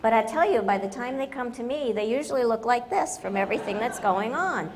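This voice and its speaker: A woman's voice: fairly high pitch, animated, brisk. A woman business consultant giving a humorous conference talk, joking and self-deprecating, with emphatic stresses. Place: large conference hall. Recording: reverberant conference hall, faint noise.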